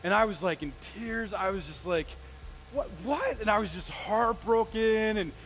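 High-voiced pastor preaching casually. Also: male voice, moderate pace, low-quality recording. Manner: conversational, animated storytelling with asides. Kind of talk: sermon. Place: church sanctuary.

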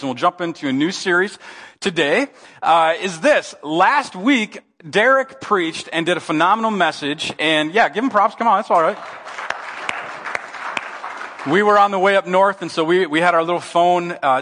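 A man preaching as pastor, telling a joke in an animated, playful way before his sermon. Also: on the high side, long reverb tail. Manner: joking, animated storyteller. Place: church sanctuary.

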